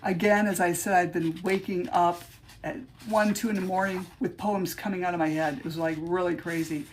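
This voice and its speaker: A woman podcast host on a livestream, reading her own rhyming poems with emphatic rises and chatting between them in a halting, informal way. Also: fairly low pitch, fairly even intonation, a little hiss or hum.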